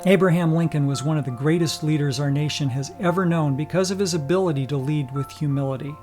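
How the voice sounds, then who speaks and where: A man narrating a scripted lesson in a measured, solemn manner. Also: a little high, over music. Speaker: instructor.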